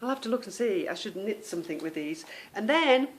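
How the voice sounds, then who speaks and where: A woman's voice: medium pitch, expressive, fairly quick. A woman from England with a British accent, hosting a podcast in a chatty, meandering way that often trails off. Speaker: podcast host. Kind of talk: casual chat.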